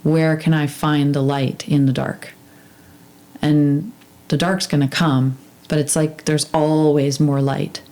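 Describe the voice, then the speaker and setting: Low-pitched woman, earnest conversational podcast guest, halting delivery. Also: little pitch movement, dark tone. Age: adult with two daughters. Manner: earnest, halting, many fillers and restarts. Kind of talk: casual heartfelt conversation.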